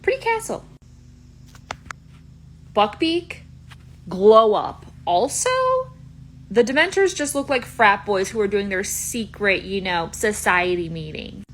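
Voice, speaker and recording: A woman's voice: medium pitch, a little hiss or hum. Chatty, playful young woman. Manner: chatty and playful, quick asides. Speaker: video creator. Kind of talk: casual reaction commentary.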